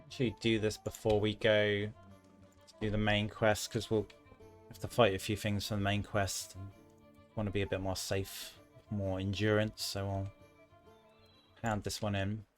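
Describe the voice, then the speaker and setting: Gameplay host: relaxed, joking man with a lowish voice, faint music under him. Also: normal speed. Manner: relaxed, joking asides while playing. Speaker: gaming channel host. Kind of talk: casual gameplay commentary.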